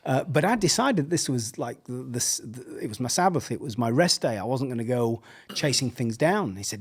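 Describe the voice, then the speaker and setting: A middle-aged man with an English accent tells a long story in a casual, lively way. His voice sits at a middle pitch with a husky edge. He laughs often and acts out the people he quotes. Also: brisk. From England. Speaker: podcast guest, pastor.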